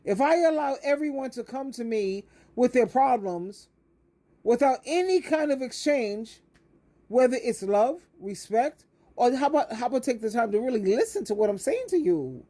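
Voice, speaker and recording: A woman's voice: on the high side, animated, moderate pace, mellow. An older woman, an advice coach, giving an emphatic, preachy monologue that repeats words for stress and calls the listener honey. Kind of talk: direct-to-camera monologue.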